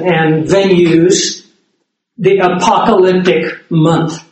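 Male preacher, deliberate and emphatic Bible teaching, recorded with heavy room echo. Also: sits high. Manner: measured, emphatic Bible exposition with fillers. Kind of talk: sermon teaching.

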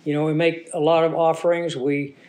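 A man preaching a sermon in a somewhat higher-than-usual voice, leading his listeners along with rhetorical questions. He sounds a little congested and stuffy. His delivery is the steady, explaining tone of a teacher. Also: a little fast. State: congested from a sinus infection. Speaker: pastor.

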